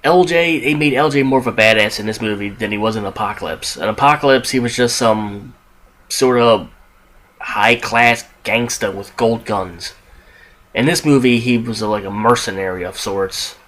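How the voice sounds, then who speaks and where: A man's voice: on the low side, normal speed, a bit bright. A young man casually reviewing a film on his podcast, rambling with frequent restarts, asides and casual swearing. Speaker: movie reviewer, podcast host.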